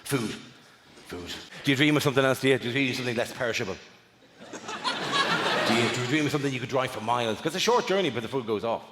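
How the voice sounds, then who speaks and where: Casual irish guy ribbing the crowd, fast and animated, boomy hall sound. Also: background noise. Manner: rapid teasing banter, swearing. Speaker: stand-up comedian. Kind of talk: stand-up crowd work. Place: large theatre. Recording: echoey live theatre recording. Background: loud audience laughter.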